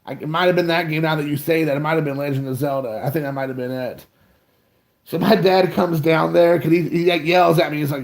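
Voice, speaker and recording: A man's voice: on the high side, fairly quick. A man in his thirties, co-hosting a podcast, telling a rambling, self-mocking childhood story in casual chat.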